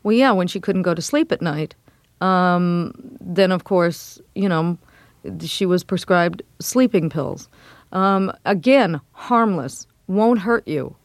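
A middle-aged woman being interviewed as a memoir author, speaking in a measured, reflective way with frequent ums. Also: lowish voice, no room sound. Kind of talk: interview conversation.

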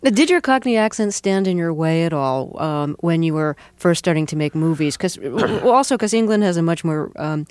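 A woman hosting a radio interview, her voice low for a woman. She speaks in a measured, precise way, and the sound is dry and close. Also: lively intonation, a little mellow, no echo. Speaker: radio host. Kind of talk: scripted introduction and interview.

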